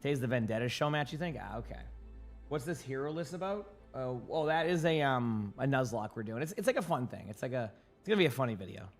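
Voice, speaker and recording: A young man streaming and chatting casually with viewers, slightly hoarse from commentating, rambling along with fillers and restarts. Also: mid-range voice, fast, soft background music. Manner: relaxed and rambling, answering chat questions with fillers and restarts. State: yawning, sleepy.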